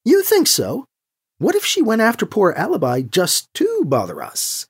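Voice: mid-range voice, huge pitch swings, normal speed, slightly rough, voice pushed up. A narrator voicing a stern but loving aunt in a spoken story.

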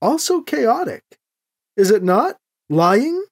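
A calm, scheming heretic who praises chaos in slow, stiff, formal phrases, put on by an audiobook reader. The voice is husky and the pitch swings widely. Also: full character voice. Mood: sly, formal. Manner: stiff formal speech without contractions, unhurried.

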